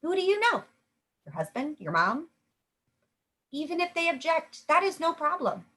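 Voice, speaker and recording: A woman's voice: sits high, very animated, normal speed, fairly bright tone. A young adult woman talking from home, coaching in a chatty, upbeat way and acting out sample sales conversations. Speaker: network marketing coach. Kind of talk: casual coaching talk.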